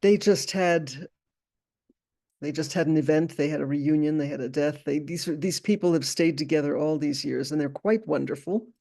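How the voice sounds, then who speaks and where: A woman recounts a personal story at a memorial gathering. Her voice is warm and mellow, and she speaks in a halting way, often circling back and repeating phrases. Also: deep voice, vocal fry.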